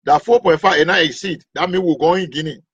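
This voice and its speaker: A male comedian rambles through stand-up storytelling. His voice is high, husky and gravelly. The recording is dry and dull. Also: a little fast. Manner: animated and rambling.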